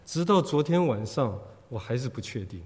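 A man preaching earnestly in a church hall, pausing for his interpreter and dropping in English words. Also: medium pitch, very animated, darkish tone. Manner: earnest, pauses for translation, drops in English words. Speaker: pastor. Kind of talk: sermon with interpreter.

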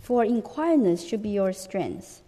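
Woman interpreter for a sermon, mellow tone, kinda high, echo from a big hall. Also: a little slow. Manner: steady, occasionally searching for words.

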